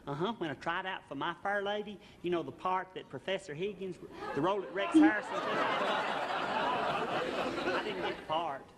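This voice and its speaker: A man as a guest in a comedy sketch, answering in a folksy, naive, deadpan way. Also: high voice, fast talker, hardly any pauses, a crowd in the background. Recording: noisy old TV broadcast with studio audience.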